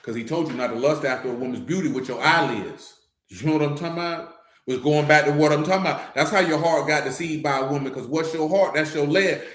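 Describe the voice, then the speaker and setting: A man's voice: fairly high pitch, a bit bright, reverberant. A man giving a loose, blunt, streetwise scripture teaching. He talks conversationally and keeps asking "you know what I'm saying". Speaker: teacher of a scripture study assembly.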